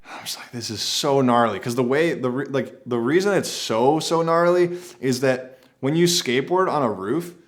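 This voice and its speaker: A man's voice: medium pitch, normal speed. A man telling a personal adventure story to camera in a laid-back, rambling way, often saying "like".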